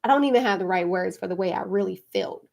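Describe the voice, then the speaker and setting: A woman with a gravelly, creaky voice speaks in a relaxed, chatty way, hosting a spiritual podcast. She talks casually, filling her sentences with ums and likes. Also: medium pitch, quick pace. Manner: relaxed, chatty, with frequent fillers and laughs. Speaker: podcast host and card reader.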